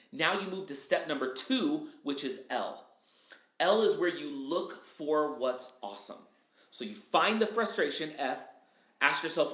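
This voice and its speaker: Man, podcast guest, animated, acts out quotes, fairly high voice, echoey room. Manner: energetic, acts out his own quotes, says "right?" and "dude" often. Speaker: guest speaker. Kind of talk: casual podcast chat.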